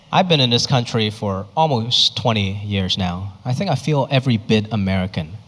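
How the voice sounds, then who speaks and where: A young man from Hong Kong doing a stand-up comedy set, telling animated stories and slipping into his family's voices. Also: on the low side. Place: live comedy stage before an audience. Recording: live show in a reverberant hall.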